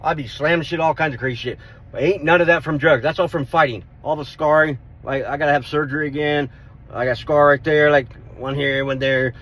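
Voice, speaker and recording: A middle-aged man telling a street fight story in a casual vlog, rough-spoken, swearing and repeating himself as he goes. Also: a little high, steady tone, a little fast, a bit bright. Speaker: vlogger.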